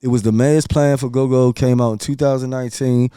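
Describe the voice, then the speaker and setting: A man's voice: medium pitch, fairly even intonation, a little fast, dark tone, clear, resonant tone, no echo, clean studio sound. A man appearing as a guest on a podcast, talking in a brash, profane, ranting way. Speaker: podcast guest, music promoter. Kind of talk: casual podcast chat.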